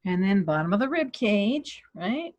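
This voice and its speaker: A woman calmly guiding listeners step by step through a stress relief tapping exercise on a video call. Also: medium pitch, a little slow, muffled recording. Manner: calm step-by-step coaching. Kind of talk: guided tapping exercise instruction. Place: home office on a webinar.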